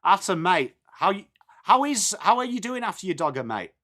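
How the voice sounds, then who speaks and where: An English man from England, an adult with children, hosts a live football watch-along, calling the play and chatting with viewers. His voice is high, very animated and bright, with a forceful tone at a moderate pace. Chatty, he switches between calling the action and answering viewer comments.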